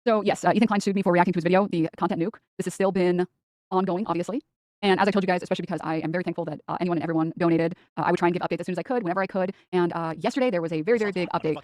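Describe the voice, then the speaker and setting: A woman talks quickly and casually as she gives her viewers an update. Her pitch sits in the middle. The recording is dry and close. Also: steady tone, a little mellow, dry recording. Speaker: content creator.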